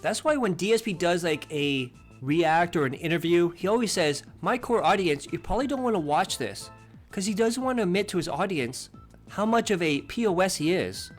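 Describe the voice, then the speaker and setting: A man narrates commentary with open scorn, mocking as he goes. His voice is fairly high and swings widely in pitch, and soft music plays underneath. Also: expressive, moderate pace. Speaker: commentary channel host.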